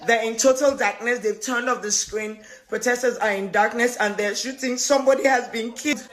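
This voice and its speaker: A woman's voice: a little high, fairly even intonation, a little fast. A woman urgently reporting from a live scene and pleading with listeners.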